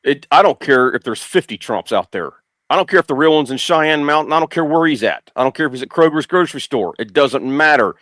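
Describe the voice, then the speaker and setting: A man's voice: a little high, animated, a little fast, a bit bright, dry recording. Blunt insistent middle-aged man, dry sound. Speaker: guest commentator. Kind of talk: casual political talk show.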